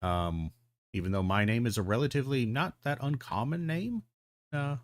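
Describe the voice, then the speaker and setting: A man's voice: mid-range voice, lively intonation, normal speed, no echo. A man giving casual, rambling video commentary, full of ums, restarts and the odd swear word.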